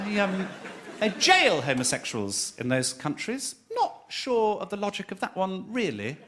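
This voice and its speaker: A man's voice: high-pitched, sing-song, a little slow. A man, doing live stand-up comedy with camp, teasing banter and giggles at his own jokes. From Birmingham, England. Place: theatre stage with laughing audience. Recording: noisy live audience recording.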